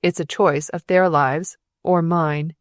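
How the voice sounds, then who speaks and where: A woman putting on a gruff, blustering surgeon. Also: lowish voice, fairly even intonation, normal speed, a little mellow, no echo, studio quality, close to an everyday voice. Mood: terse. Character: gruff middle-aged male senior surgeon.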